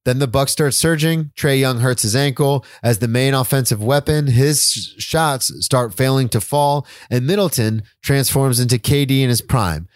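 A man's voice: medium pitch, normal speed, hardly any pauses, no echo, clean studio sound. A young man co-hosting a sports podcast, earnestly reading a personal essay he wrote. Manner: earnest, emotional, reads steadily. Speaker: podcast co-host. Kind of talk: reading a written essay aloud.

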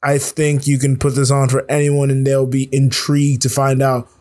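A man's voice: mid-range voice, monotone, moderate pace, warm tone. Man with a slight slur, chatty. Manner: laughs often, rambling restarts. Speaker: podcast co-host. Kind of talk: casual chat about a musical.

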